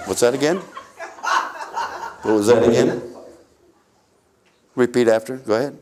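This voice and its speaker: Guy doing a hypnosis comedy act, talks volunteers along slow, chuckles, echoey hall sound. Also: mid-range voice, a little mellow, slight background noise. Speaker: stage hypnotist. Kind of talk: comedy hypnosis stage patter. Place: theater stage before a live audience.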